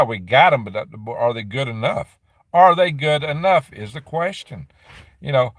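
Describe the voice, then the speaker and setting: A man's voice: mid-range voice, a bit bright, dry recording, clean studio sound. A middle-aged man hosting a casual live stream from a dim room on his property, rambling as he answers viewer comments. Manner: rambling, chatty, answers comments with quick laughs. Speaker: livestream host reading viewer chat.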